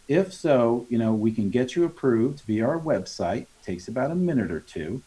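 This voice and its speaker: In a relaxed podcast interview, a sales trainer with a husky, medium-pitched voice coaches as he talks. He slips into the voices of customers and salespeople to act out their lines, checking in often with a quick "right?".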